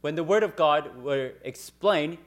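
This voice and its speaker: Steady male sermon interpreter. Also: a little high. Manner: steady, measured, reads scripture aloud.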